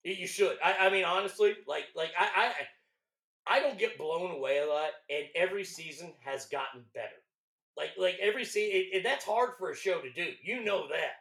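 Texan man, podcast guest, high voice, roomy echo, loud and profane, stammers. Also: brisk, gravelly. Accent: Texas. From Texas. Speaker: radio host guest. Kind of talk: casual podcast chat.

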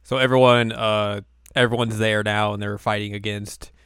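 A man's voice: fairly low pitch, little pitch movement, fairly bright tone, clean tone, no room sound, clean studio sound. A man co-hosting a casual podcast, recapping an anime episode in a laid-back, joking way. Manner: laid-back, joking, acts out characters in quick asides. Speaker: podcast co-host.

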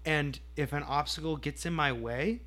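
Playful rambling man, higher voice. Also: moderate pace, bright, forceful tone. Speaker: podcast co-host. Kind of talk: casual chat.

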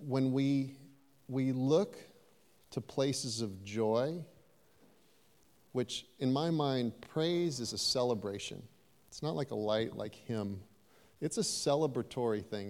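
Male pastor, sermon, conversational, animated, church hall with long reverb, mid-pitched voice. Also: unhurried. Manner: conversational, animated preaching with asides to the congregation. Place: church sanctuary.

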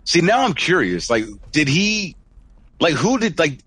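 A man's voice: on the high side, very animated, a little slow, fairly bright tone, breathy edge, no echo. A man co-hosting a casual podcast chat, hesitant and curious, often restarting his sentences. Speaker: podcast co-host.

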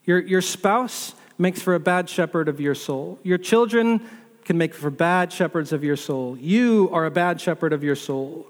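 A pastor preaches a sermon, building repetitive lists and asking his listeners rhetorical questions. His voice is a little high and a little slow, and the recording carries the long reverb of a large hall.

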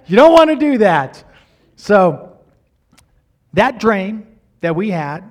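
A middle-aged male pastor telling a personal story in a sermon, animated, acting out the quotes with big swings in loudness. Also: high voice.

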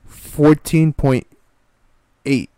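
A man's voice: a little high, extremely slow, dry recording, studio quality. Young man telling a story casually. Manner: animated storytelling, heavy swearing and slang. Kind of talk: casual chat.

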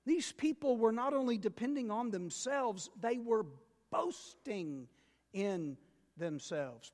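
A male pastor preaching a sermon, emphatic and repeating key words, swinging between loud and quiet. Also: high voice, lively intonation, slow, in a large hall.

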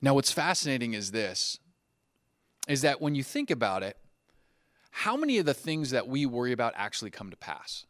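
A male pastor preaching a sermon in a church, telling stories with lively acted-out dialogue. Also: mid-range voice, normal speed, no room sound. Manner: animated storyteller who acts out dialogue.

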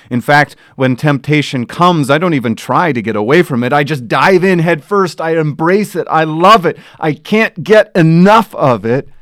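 A man's voice: fairly high pitch, no echo, studio quality. Earnest male pastor preaching. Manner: earnest preaching, rising to loud sung quotes. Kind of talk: sermon.

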